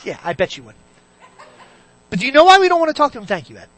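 With a voice that sits high and moves fast, a preacher preaches an animated sermon, shooting questions at the congregation and alternating between booming bursts and hushed asides. There's no echo.

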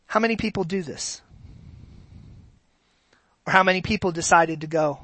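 A preacher giving a sermon, animated and asking the congregation rhetorical questions. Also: medium pitch, normal speed, pauses often, no room sound, low-quality recording.

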